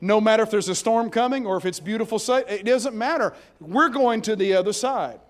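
High-voiced preaching man. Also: brisk. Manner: emphatic preaching, swinging between hushed and loud. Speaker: pastor. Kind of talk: sermon.

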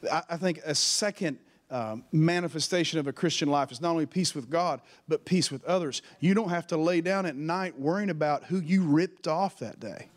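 A male preacher with a notably high-pitched voice delivers a sermon in a church. He mixes scripture with personal stories and speaks with fervent conviction. He keeps turning to the congregation with direct calls for a response. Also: normal speed, few pauses.

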